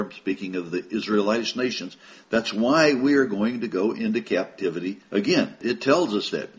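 A man preaching a sermon, reading scripture aloud with rising emphasis and addressing listeners as brethren. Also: lowish voice.

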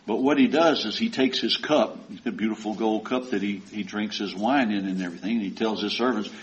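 A man's voice: on the low side, brisk. A man preaching a sermon and retelling a story in a folksy, conversational way. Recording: dull lo-fi recording.

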